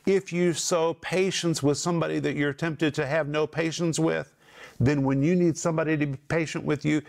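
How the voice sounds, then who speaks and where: A middle-aged man teaching from the Bible on a talk program, emphatic and repeating key phrases with slow stress. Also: on the high side, a little mellow.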